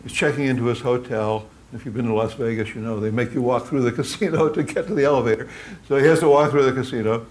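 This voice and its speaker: A man's voice: mid-range voice, fast. Man telling a long comic joke. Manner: lively storyteller who acts out characters. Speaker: speaker at a philosophy humor talk. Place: lecture at a college.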